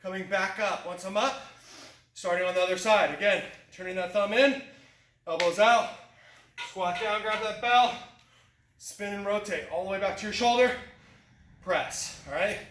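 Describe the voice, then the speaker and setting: High-voiced male fitness coach, echoey room. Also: moderate pace, long pauses, fairly bright tone, distant mic, slight background noise. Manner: encouraging, cueing moves step by step. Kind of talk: workout instruction. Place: gym.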